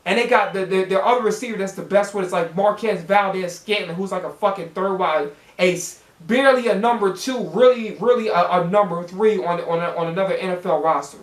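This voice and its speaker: A man's voice: high voice, brisk, hardly any pauses. A man hosting a football reaction video, ranting with heavy profanity and lots of repetition. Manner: profane, ranting, repeats himself. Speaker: sports fan channel host. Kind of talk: heated football reaction rant. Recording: roomy echoey room.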